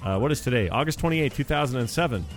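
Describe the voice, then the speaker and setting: A man's voice: medium pitch, lively intonation, fast talker, faint music behind. A man hosting a podcast in casual chat, joking and bantering with his co-hosts. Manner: jokey, playful banter. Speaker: podcast host.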